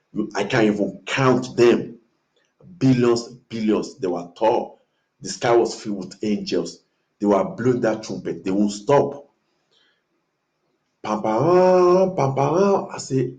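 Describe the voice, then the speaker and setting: A man's voice: fairly low pitch, darkish tone. A man dramatically telling a dream, imitating trumpet blasts with his voice and repeating phrases for emphasis.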